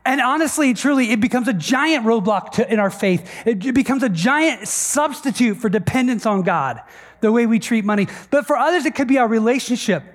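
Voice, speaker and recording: A man's voice: very high voice, lively intonation, a little fast. A man preaching a sermon as pastor, talking conversationally, often asking "right?", and briefly acting out the voices he quotes.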